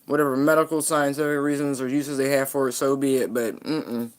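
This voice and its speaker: A woman's voice: extremely low pitch, fairly even intonation, brisk. A woman giving a casual tarot reading, talking bluntly and frankly and laughing often. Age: adult parent. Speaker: tarot reader.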